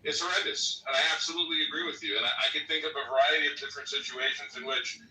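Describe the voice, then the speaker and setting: A man speaking in a calm, measured and sympathetic way in an online voice-chat discussion. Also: a little high. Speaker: debate participant. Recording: roomy, distant mic, faint noise.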